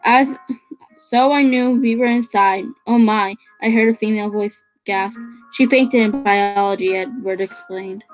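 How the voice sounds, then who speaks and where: A woman's voice: medium pitch, a little slow, faint music behind, poor audio. A woman reading a novel aloud, often stumbling and restarting phrases. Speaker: reader.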